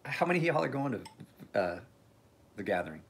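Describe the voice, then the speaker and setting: A man's voice: medium pitch, sing-song, a little fast, gravelly, husky. A man hosting a casual live stream, rambling in a laid-back way, swearing freely and laughing often.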